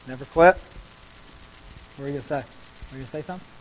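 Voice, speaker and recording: A man's voice: mid-range voice, fast, slight background noise, poor audio. A man giving a motivational Bible talk to a group, speaking conversationally, quizzing the audience and repeating phrases for emphasis. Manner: conversational, asks the audience questions.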